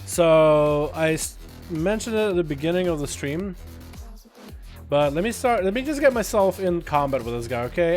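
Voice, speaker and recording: A man's voice: on the high side, a little mellow. A young man casually commentating his game livestream, laid-back, laughing often and swearing casually. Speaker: gaming streamer.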